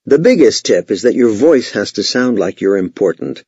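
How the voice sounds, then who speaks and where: A male sales trainer narrating a lesson with emphatic authority. His voice is low, mellow and slightly husky, with lively swings in pitch. The recording is dry and a little dull, like a lo-fi voice-over. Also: moderate pace, no echo. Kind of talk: scripted instructional narration.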